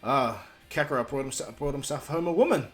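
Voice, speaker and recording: A man voicing a gruff warrior father who talks in a teasing, loud way. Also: mid-range voice, expressive, a little fast, faint music behind, close to an everyday voice.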